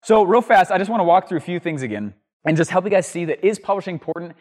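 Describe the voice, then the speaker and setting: Lively man telling stories in a reverberant room. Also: high-pitched, quick pace. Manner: energetic, rambling, full of ums and restarts; writes on a board while talking. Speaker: show host teaching entrepreneurs. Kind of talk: animated storytelling to camera.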